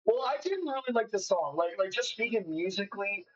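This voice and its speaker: A man's voice: high voice, expressive, fairly quick, dull audio, over a noisy crowd. A man co-hosting a podcast, chatting enthusiastically and rambling with restarts. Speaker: podcast co-host. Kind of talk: casual chat.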